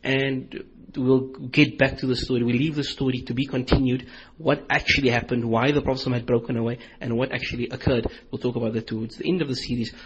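A man's voice: medium pitch, flat delivery, brisk, muffled recording, slight background noise. A man giving an Islamic lecture in a series, retelling stories animatedly with quoted dialogue.

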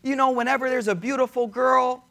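A man voicing a gentle mother who calms her heartbroken daughter as he retells the story, speaking softly and reassuringly. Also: extremely high pitch, a little fast, voice pushed up. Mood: soothing.

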